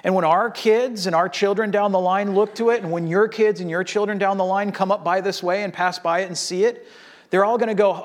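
A man preaching a sermon in a conversational, animated way, acting out the people in the story. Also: high voice, brisk. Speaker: pastor.

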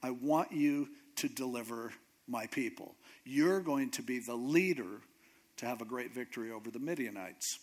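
A man voicing God as a calm, reassuring male deity, speaking lower and softer than his own storytelling voice. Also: moderate pace, natural voice.

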